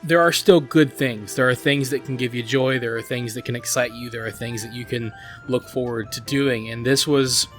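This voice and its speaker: A man's voice: mid-range voice, fairly even intonation, normal speed, fairly bright tone. A man hosting a gaming channel, talking through his gameplay in an earnest, rambling way, with many "like" and "you know" fillers. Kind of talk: casual gameplay commentary. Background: faint game music.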